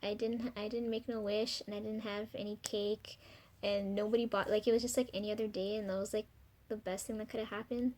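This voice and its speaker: A young woman talking to the camera in a rambling, confessional video diary, full of ums, casual swearing and soft trailing pauses. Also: medium pitch, flat delivery. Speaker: vlogger.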